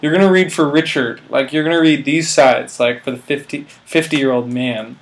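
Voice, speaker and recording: A man voicing a brisk, insistent young woman who redirects him. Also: a little high, vocal fry, poor audio. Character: bossy young woman stage helper.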